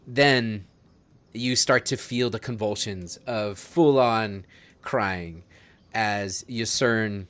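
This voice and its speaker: A man running a tabletop role-playing game, narrating scenes in a measured, descriptive way with jokey asides. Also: fairly low pitch, a bit bright. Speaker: game master.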